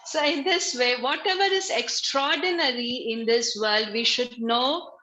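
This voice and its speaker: A woman teaches a religious class over a video call. Her voice sits a little high and sounds bright and clear. She talks at an unhurried pace, repeating her phrases as she patiently explains. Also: low-quality recording. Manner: slow, repetitive, patient explaining. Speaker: spiritual teacher.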